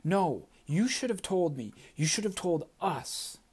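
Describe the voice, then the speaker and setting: A man's voice: medium pitch, steady tone, a little slow, darkish tone, close to an everyday voice. A man reading an audiobook, voicing a determined, loyal young girl pilot who speaks earnestly. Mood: angry. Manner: earnest, pleading.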